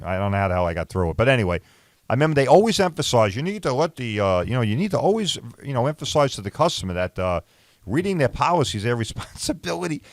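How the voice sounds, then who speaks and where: A man's voice: mid-range voice, fairly bright tone, no echo, studio quality. A man hosting a podcast, talking bluntly and rambling in a casual monologue with plenty of swearing. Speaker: podcast host.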